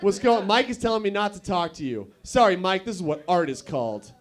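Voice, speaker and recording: A man's voice: high voice, lively intonation, brisk. A young man doing stand-up at an open mic in a bar, crude and rambling as he banters with the crowd. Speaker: stand-up comedian.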